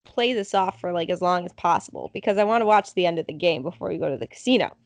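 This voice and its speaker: A young adult woman co-hosting a casual chat, telling stories with lively acted-out quotes. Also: fairly low pitch, fast, dry recording. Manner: animated storyteller, acts out quotes. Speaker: podcast co-host.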